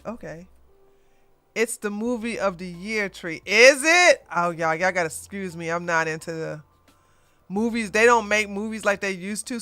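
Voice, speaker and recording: Bright, crisp-voiced woman streamer. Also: mid-range voice, no echo. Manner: chatty, laughing, animated reactions. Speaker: livestream host. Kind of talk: casual commentary livestream.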